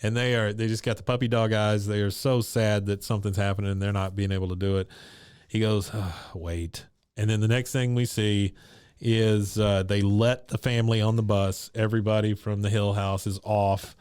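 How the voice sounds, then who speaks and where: A man's voice: fairly low pitch, flat delivery, a little fast, darkish tone, smooth, no room sound, clean studio sound. A man co-hosting a podcast, casually retelling an episode scene by scene and laughing often. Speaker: podcast co-host recapping an episode. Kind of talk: casual chat.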